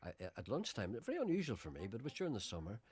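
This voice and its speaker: A man hosting a radio comedy show, trading deadpan, wry banter. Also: mid-range voice, racing.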